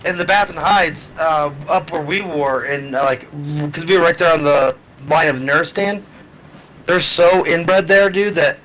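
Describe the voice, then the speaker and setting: A man with a slightly raised, bright voice tells a blunt, profane story. His delivery is plain and conversational, with no polish. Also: a little high, unhurried, a little hiss or hum, rough recording. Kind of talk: casual storytelling.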